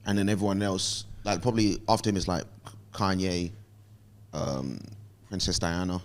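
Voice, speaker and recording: A man's voice: low-pitched, normal speed. A man, a guest comedian on a podcast, talking loosely and rambling with lots of fillers. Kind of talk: casual podcast chat.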